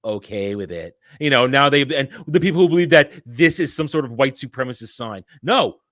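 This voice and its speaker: Male commentary host, animated ranting delivery, dry close mic, mid pitch. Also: fairly quick, no room sound. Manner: ranting, animated, frequent restarts. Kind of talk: casual commentary chat.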